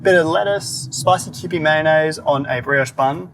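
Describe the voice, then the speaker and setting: Upbeat man, slightly high voice. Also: normal speed, a bit bright, a little hiss or hum. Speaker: podcast host. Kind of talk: casual chat in a car. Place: inside a moving car.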